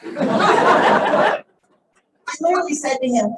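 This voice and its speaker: A middle-aged woman telling a lively anecdote to a live audience at a library talk, acting out the voices of the people in it. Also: high voice, slow, pauses often, far from the mic, heavy background noise. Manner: lively anecdotal storytelling, acts out quoted voices. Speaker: author and speaker. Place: library event room. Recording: echoey room, voice picked up from afar.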